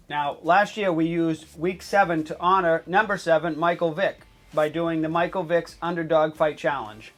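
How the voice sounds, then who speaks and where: A male host of a comedy betting show talks through his picks. His voice sits a little high, and his deadpan delivery breaks into excited coughing fits. Faint music plays behind him. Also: normal speed.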